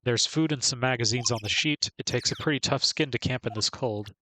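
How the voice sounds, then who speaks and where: A man's voice: medium pitch, fairly quick, sharp tone, slight background noise. Laid-back guy reading a game aloud. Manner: plain, mild reading voice, laughs often. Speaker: gaming streamer.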